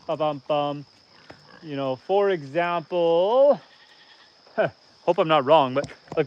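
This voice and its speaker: A man in his thirties from northern Canada hosts a casual outdoor homesteading livestream in a clear, resonant voice on the higher side. He chats in an easygoing, rambling way and reads viewer comments aloud.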